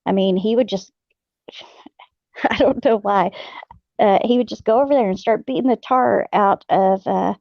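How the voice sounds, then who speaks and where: A woman's voice: mid-range voice, unhurried, creaky, long pauses, no room sound. A middle-aged woman, hosting a casual chat and telling folksy stories with frequent laughs and fillers. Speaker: host. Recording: dull lo-fi sound.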